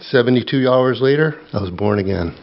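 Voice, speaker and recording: A middle-aged man preaching a sermon, slow and earnest, dropping low and quiet when he tells his own story. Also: expressive. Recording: dull lo-fi sound.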